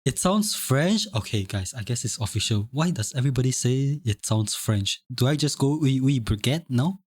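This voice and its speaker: A man's voice: medium pitch, animated, normal speed, darkish tone, no echo. A young man from Singapore chatting casually on a live stream, reading chat aloud, rambling and repeating himself. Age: young adult. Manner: rambling, repeats phrases, chuckles often.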